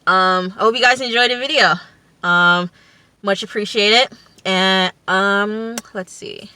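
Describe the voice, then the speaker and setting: A woman's voice: mid-range voice, takes it slowly, pushed and bright, clear, resonant tone, no room sound. Young woman recapping a TV episode. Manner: rambling, lots of fillers like "you know" and "um". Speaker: TV review vlogger.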